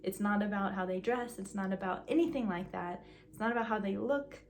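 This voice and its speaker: A woman talking casually to her viewers in a vlog. She often restarts her sentences and fills gaps with um and like, and she gets a little out of breath when she is excited. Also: medium pitch, a little fast, a little hiss or hum. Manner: chatty, restarts sentences, says um and like. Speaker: video creator.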